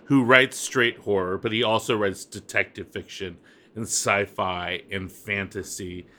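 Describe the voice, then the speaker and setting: A man's voice: lowish voice, steady tone, unhurried, pushed and bright, a little hiss or hum. A man co-hosting a casual conversation, playful and joking.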